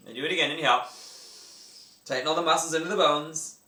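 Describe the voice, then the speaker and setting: A man with a bright, slightly high voice teaches yoga breathwork in a loose, enthusiastic manner. He talks his students through each movement as he does it. He is heard from a little way off in a roomy, echoing space. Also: fast. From Canada. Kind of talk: instructional talk. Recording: echoey room, mic at a distance.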